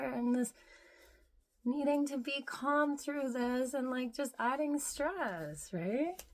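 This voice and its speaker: Slow-talking, musing woman in her thirties. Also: sits high. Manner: meandering, heavy use of "like", soft musing tone. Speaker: spiritual vlogger. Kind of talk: casual rambling monologue.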